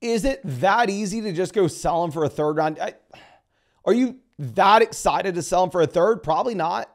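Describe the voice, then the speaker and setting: A man with a high voice talks alone through dynasty fantasy football, offering trade advice in a casual breakdown. He speaks fast and conversationally, often restarting his sentences.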